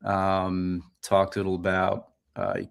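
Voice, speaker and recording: Low-voiced man telling a story. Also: slow pace, creaky, clear, resonant tone. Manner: relaxed storytelling with frequent ums. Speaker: podcast co-host. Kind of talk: casual chat.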